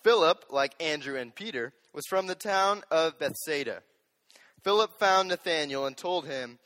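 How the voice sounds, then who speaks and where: A young man preaching a sermon as a youth pastor, animated and joking, speaking straight to the audience. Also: a little high, normal speed, big-room sound.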